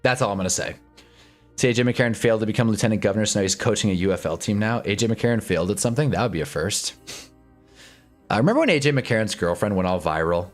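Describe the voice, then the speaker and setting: Lively rambling man on a football stream. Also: on the low side. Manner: rambling, joking, reacts to chat. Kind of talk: casual live-stream chat.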